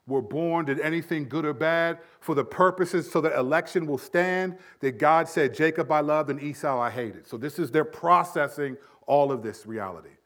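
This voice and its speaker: A middle-aged male pastor preaching a sermon, animated, acting out everyday dialogue as he teaches. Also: mid-range voice.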